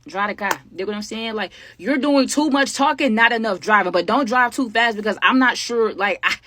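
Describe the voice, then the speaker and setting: A young woman, telling a storytime vlog to her viewers in a casual, animated, slangy way. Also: fairly high pitch, fairly quick, a little hiss or hum. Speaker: storytime creator.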